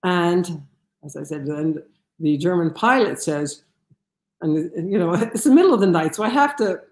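A woman telling a personal story in an animated way, with many fillers and restarts. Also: fairly low pitch, moderate pace, roomy sound. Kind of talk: storytelling talk.

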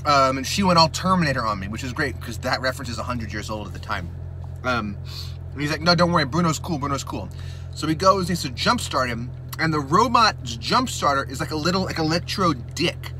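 A man's voice: medium pitch, brisk, a little hiss or hum. Rambling man recapping a movie, mouth burning. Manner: rambling, animated, slips into excited impressions. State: mouth burning from spicy chips. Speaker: mukbang host. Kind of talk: casual movie recap while eating.

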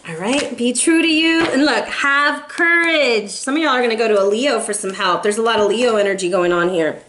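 Woman tarot reader, casual chat to camera, encouraging, somewhat high voice, a little teary. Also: fast talker, a little hiss or hum. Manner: chatty, encouraging, calls viewers baby. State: emotional, close to tears.

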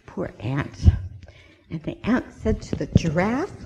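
Expressive woman telling a children's story. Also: lowish voice, takes it slowly, slight background noise. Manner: expressive, with dramatic gasps and whispers. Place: church sanctuary.

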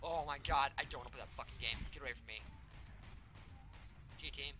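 A man giving angry gameplay commentary. He rants with a lot of profanity and swings between sudden shouts and low grumbling. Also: fairly quick, pauses often, faint music behind. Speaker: gamer.

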